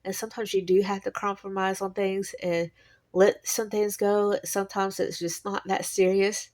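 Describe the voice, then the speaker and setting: A woman's voice: mid-range voice, level tone, normal speed, darkish tone. A woman, chatting in a rambling personal monologue and laughing between thoughts. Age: 40s. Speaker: vlogger.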